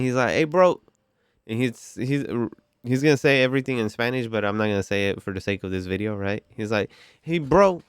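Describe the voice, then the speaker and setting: A man's voice: mid-range voice, clear, resonant tone, no echo, studio quality. A man telling a story in a casual, rambling vlog manner, with lots of "like" and "you know".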